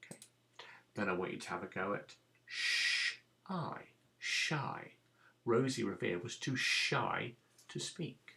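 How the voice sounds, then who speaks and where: Speaking at normal speed in a lowish, bright, pushed voice with vocal fry, a primary school teacher records a phonics lesson for young kids. He sounds out letters patiently and keeps his instructions simple.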